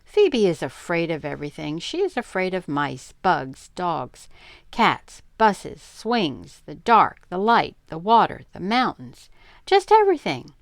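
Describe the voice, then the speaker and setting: An older woman reading the part of a calm, sensible mother who speaks patiently and firmly. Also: on the low side, unhurried, dry recording, exaggerated voice. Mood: exasperated.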